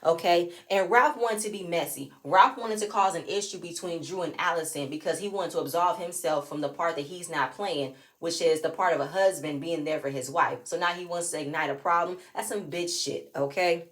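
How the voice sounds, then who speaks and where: A woman talks through a reality show episode in a casual, sassy way. She sits on the lower side of the usual female range, and she keeps slipping into other people's voices to act out what they said. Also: a little fast, hardly any pauses. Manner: animated, sassy, reenacts quotes in shifting voices. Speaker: reality TV recap vlogger. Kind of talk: casual recap commentary.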